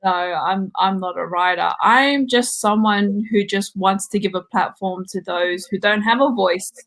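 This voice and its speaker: A woman talks as a guest on a relaxed podcast. She is candid and laughs a lot. Her voice sits in a middle pitch range for a woman. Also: unhurried, rough recording. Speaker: podcast guest, book reviewer. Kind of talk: casual podcast chat.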